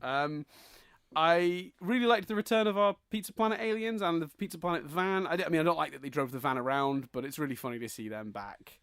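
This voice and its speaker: Dry-miked, higher-voiced man reviewing films. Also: fairly quick, fairly bright tone, clear, resonant tone, no room sound. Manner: chatty, laughs often, trails off and restarts. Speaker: podcast co-host. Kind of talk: casual film review chat.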